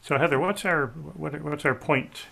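Gravelly, bright-toned male host. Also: on the high side, measured pace. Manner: relaxed, laughs easily, tracks the score. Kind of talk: casual talk show chat.

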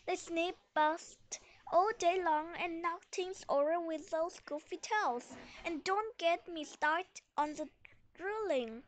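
A woman's voice: extremely high pitch, slow. A woman voicing a fussy, complaining mother cat in a children's storybook reading.

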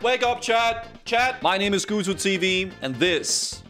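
A man's voice: sits high, animated, measured pace, music in the background. Playful young man commenting on gameplay. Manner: playful, jokey, addresses viewers as guys. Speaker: gaming video host.

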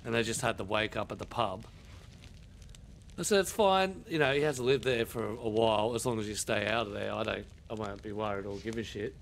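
A man's voice: on the low side, brisk, vocal fry, a little hiss or hum. A man with an Australian accent telling a story over game voice chat, swearing constantly. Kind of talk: casual voice chat while gaming.

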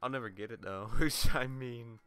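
A man's voice: mid-range voice, normal speed, music in the background. A young man casually commentating his video game play, swearing and mocking himself as he goes, with a runny nose. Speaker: let's play gamer.

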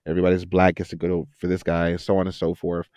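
A man with a slightly low voice chats in a podcast interview, animated and quick to laugh. He tells stories and jumps into other people's voices to act them out. The sound is dry and close, with no room around it. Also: no echo. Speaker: actor and voice actor, podcast guest. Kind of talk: casual interview chat.

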